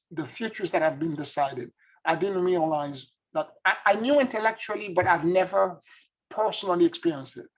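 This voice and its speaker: A man's voice: a little high, rough recording. A man, a spiritual teacher and former tarot reader, telling a story in an earnest, reflective and emotional way.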